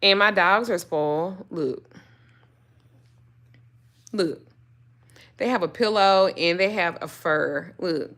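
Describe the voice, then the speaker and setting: She speaks slowly with long pauses, her voice on the low side and fairly bright in tone. A spiritual reader and vlogger, she rants bluntly and profanely in a casual talk to camera, addressing her dogs along the way.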